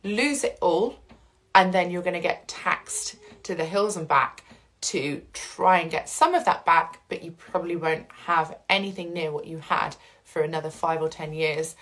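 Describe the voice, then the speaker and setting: A woman's voice: sits low, fairly even intonation, moderate pace, fairly bright tone, low-quality recording. A woman talking casually and earnestly about coping with upheaval, reassuring the listener and acting out the feelings people go through. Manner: earnest, reassuring, acts out inner voices. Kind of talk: casual talk to camera about coping with change.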